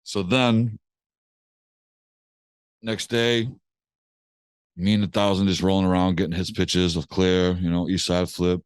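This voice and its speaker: A young man from Massachusetts, a music producer telling a story in a casual podcast chat, animated and slangy, swearing casually. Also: low-pitched, measured pace, long pauses, smooth, no echo. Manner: animated, slangy, swears casually, acts out other people's lines.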